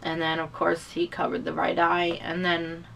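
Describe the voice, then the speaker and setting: A woman's voice: lowish voice, completely flat delivery, moderate pace, creaky, fairly bright tone, a little hiss or hum. A woman telling a personal story on her vlog in a rambling, casual way, full of "you know" and restarts, emotional and holding back tears. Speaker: vlogger. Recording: voice distant from the mic.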